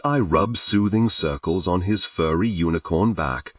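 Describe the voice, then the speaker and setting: Low-voiced man reading an audiobook. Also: unhurried, no room sound, far from the mic. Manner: lively, expressive character reading. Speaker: audiobook narrator. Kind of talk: first-person audiobook narration.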